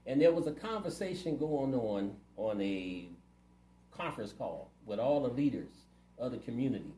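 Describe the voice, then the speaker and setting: A man's voice: medium pitch, sing-song, normal speed, warm tone, a little hiss or hum. Earnest man in an echoey room. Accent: Ohio. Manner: earnest, plainspoken, community-minded. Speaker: city council candidate. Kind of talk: interview answers.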